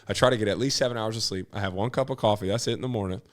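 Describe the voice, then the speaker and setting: A man, a TV personality talking high-energy and slangy as an interview guest. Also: very fast. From New Orleans. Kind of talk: casual interview chat.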